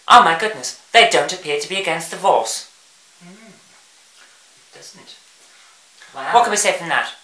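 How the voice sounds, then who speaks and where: A woman's voice: fairly low pitch, animated, normal speed, long pauses, pushed and bright, roomy sound, rough recording. A woman hosting a vlog, ranting about the news in an angry, sarcastic, sweary way. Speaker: vlog host.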